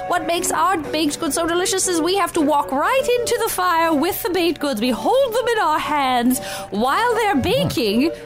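A woman voicing a sly, cheery old crone baker, rambling in an improvised comedy bit. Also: high-pitched. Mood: inviting. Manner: rambling, wry, playfully sinister. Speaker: guest. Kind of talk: improvised comedy role-play.

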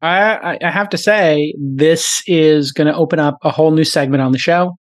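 A man's voice: on the high side, normal speed, no echo. Guy hosting a podcast, just riffing, close dry mic. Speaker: podcast host. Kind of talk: casual podcast chat.

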